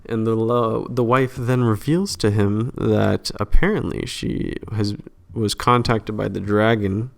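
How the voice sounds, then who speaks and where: A man casually recapping a movie's plot in a rambling, loose way. His voice sits low with a gravelly rasp, and he often trails into fillers and restarts. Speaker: channel host summarizing a film.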